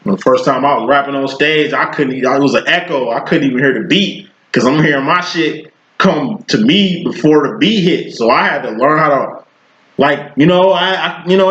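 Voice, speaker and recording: A man's voice: a little high, moderate pace, a bit bright, muffled recording. A man giving a casual tarot reading, talking in a profane, slangy, rambling way. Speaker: tarot reader.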